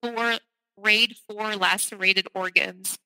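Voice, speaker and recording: A woman's voice: mid-range voice, steady tone, slow pace, sharp tone, dry recording, rough recording. A middle-aged woman from the South, a podcast guest candidly and urgently recounting a personal story. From American South.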